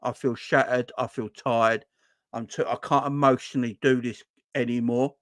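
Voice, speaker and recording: A man hosting a late-night football fan livestream from home, ranting loudly and swearing freely. He repeats his points over and over. His voice sits at a middling pitch and sounds close and dry, with no room around it. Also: normal speed, no echo. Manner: swears freely, loud and animated, repeats himself. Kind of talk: casual ranting livestream chat. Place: home at night, kids asleep.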